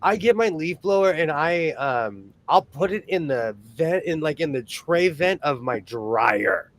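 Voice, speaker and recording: Chatty man with a higher voice. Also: a little slow. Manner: chatty, animated, laughs often. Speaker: host of a sewing livestream. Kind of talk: casual livestream chat.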